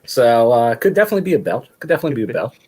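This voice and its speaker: A man appearing as a guest on a podcast, chatting in a relaxed, agreeable way. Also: medium pitch, racing, slightly rough. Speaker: guest commentator. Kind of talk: casual chat reviewing old wrestling shows.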